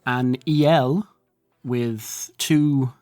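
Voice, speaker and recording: A man's voice: mid-range voice, steady tone, very slow, darkish tone, faint music behind. A man narrating as game master, rambling and descriptive with fillers.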